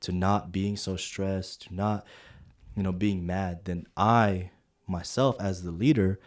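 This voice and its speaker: Deep-voiced young man, podcast co-host, lively casual storytelling; replays conversations. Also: slow. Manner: animated, acts out quoted dialogue with filler words.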